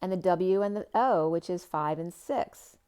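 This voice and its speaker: A woman with a slightly low voice gives a spiritual tarot reading. She meanders from one association to the next, full of "um"s and half-finished phrases, and now and then stretches a word out slowly. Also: warm tone, smooth. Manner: rambling, free-associating, with many fillers and trailing phrases. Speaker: tarot reader.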